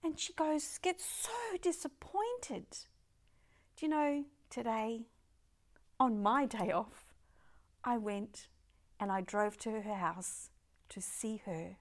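An older woman giving an emphatic devotional talk, sometimes dropping her voice to a soft whisper. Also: on the high side, takes it slowly, pauses often. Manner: expressive, piles up words of praise. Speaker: Christian devotional speaker.

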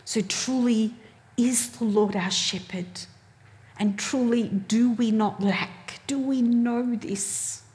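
Slow-speaking woman preaching in a hall. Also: on the high side. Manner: animated storytelling, acting out quoted voices. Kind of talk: sermon. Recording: long hall reverb.

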